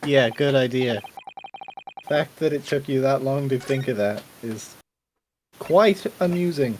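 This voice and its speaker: A man's voice: medium pitch, a little slow, a little hiss or hum. A man hosting a game stream, teasing his friend with dry jokes. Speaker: stream host. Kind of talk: casual gaming chat.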